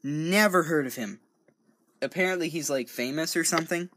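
A man's voice: a little high, normal speed, fairly bright tone, slight background noise. A man casually reading a true-crime account aloud, often stumbling over words, correcting himself and breaking off into joking asides. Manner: stumbling, self-correcting, rambling. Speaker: true-crime reader and commentator. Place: home recording studio.

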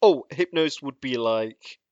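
A man's voice: mid-range voice, animated, takes it slowly, a little mellow, no echo, lo-fi sound. A man co-hosting a podcast in casual chat, rambling with lots of fillers and restarts and laughing often. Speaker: podcast co-host.

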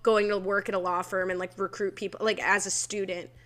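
A woman co-hosting a podcast, leading a casual episode recap with quick talk and frequent laughs. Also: medium pitch, level tone, fairly bright tone. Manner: quick, laughing, leads the discussion. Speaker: podcast co-host.

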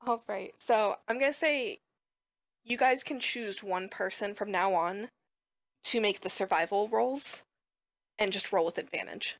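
A woman running a tabletop game as game master, setting scenes in a measured, descriptive way. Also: mid-range voice, no echo, low-quality recording.

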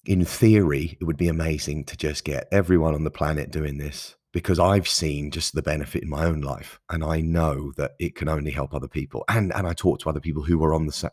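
A man in his thirties with a very deep, husky voice, recorded dry on a close mic. He hosts a solo podcast and talks in an earnest, easygoing, enthusiastic way. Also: darkish tone, no echo. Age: 30s. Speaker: podcast host.

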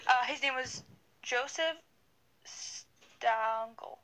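A woman's voice: fairly high pitch, steady tone, normal speed, pushed and bright, rough recording. A young woman co-hosting a podcast over a video call, telling a story in a casual, rambling way with many fillers and restarts. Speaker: podcast co-host.

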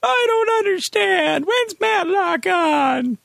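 A man putting on the voice of a confused, grumpy old man who whines his complaints slowly. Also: very high-pitched, expressive, creaky, fairly bright tone, no echo, studio quality, pitched above the performer's own voice, exaggerated voice. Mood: confused grumbling. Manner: whiny, querulous, drawn-out.

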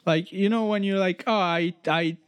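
A man co-hosting a podcast in casual banter, playful and excitable, often repeating his words. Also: high voice, moderate pace, smooth, no echo. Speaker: podcast co-host.

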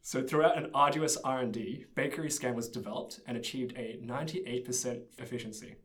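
A man's voice: medium pitch, steady tone, fairly quick, a bit bright. A young man telling a story in casual chat, easygoing and laughing often. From Australia. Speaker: presenter.

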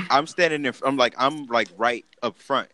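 A man co-hosting a casual podcast, telling stories in an animated way and often breaking into laughter. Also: mid-range voice, normal speed, no room sound. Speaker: podcast co-host.

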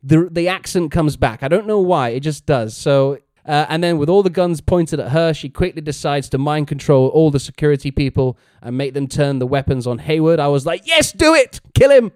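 A man's voice: on the high side, fairly quick, hardly any pauses, a little mellow, no echo, studio quality. A man co-hosting a casual podcast, recapping a TV episode and acting out characters' lines with animation. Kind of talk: casual chat.

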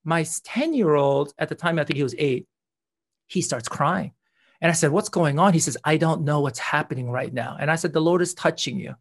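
An earnest man, a guest in an interview, tells a personal story. He often breaks off and starts his sentences again. His voice sits a little high. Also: brisk, creaky. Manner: earnest, with many restarts.

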